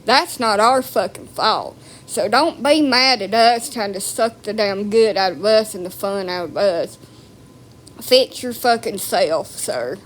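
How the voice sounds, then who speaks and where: A woman's voice: mid-range voice, unhurried, slight background noise. A woman delivering a blunt, profane, mocking rant to camera. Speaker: vlogger. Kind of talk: ranting monologue.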